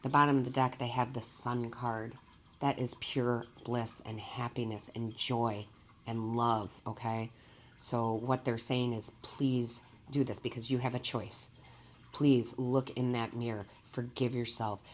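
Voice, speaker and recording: A woman's voice: a bass voice, level tone, measured pace. A woman working as a medium, giving an earnest, emotional tarot reading to her viewers and often checking in with them. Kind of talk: direct-to-camera tarot reading.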